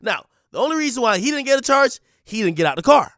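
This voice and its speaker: Blunt male commentator with a lively pitch. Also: quick pace, no echo, clean studio sound. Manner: blunt, emphatic, talks straight to viewers. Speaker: commentary host. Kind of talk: casual commentary monologue.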